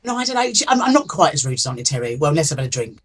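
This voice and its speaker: A woman's voice: low voice, sing-song, rapid-fire, crowd noise. Actress guest, woman; casual, chatty, self-mocking interview talk. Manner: chatty, self-deprecating, laughs easily.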